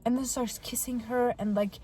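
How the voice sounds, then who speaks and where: A woman's voice: fairly high pitch, steady tone, moderate pace. A woman vlogger chatting casually while driving, swearing freely and filling her talk with "like". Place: inside a car. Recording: loud car road noise.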